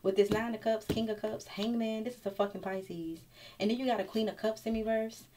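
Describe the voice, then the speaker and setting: A woman's voice: on the high side, fairly even intonation, brisk, mellow, a little hiss or hum. A woman reading tarot cards straight to the viewer in a casual, blunt and profane way. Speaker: tarot reader.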